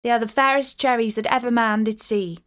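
A woman's voice: fairly high pitch, steady tone, fairly quick, fairly bright tone, natural voice. A woman voicing a poor, humble medieval knight who speaks politely and pleadingly.

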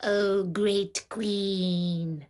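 A woman voicing an arrogant, boastful male mosquito in a storybook, speaking in a slow, mock-grand gloating way. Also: mid-range voice, steady tone, darkish tone.

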